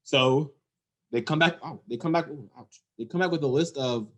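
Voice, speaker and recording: A man leads an earnest talk on running an emergency call center well. His voice sits at an ordinary middle pitch. He drives each point home by repeating it with emphasis. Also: moderate pace. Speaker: 911 center executive director. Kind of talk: leadership talk to the camera.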